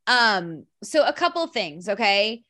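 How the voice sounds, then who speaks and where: A woman's voice: medium pitch, sing-song, unhurried, fairly bright tone. A woman coaching a group on a call, emphatic and chatty, leaning on "literally" and "like" and often restarting.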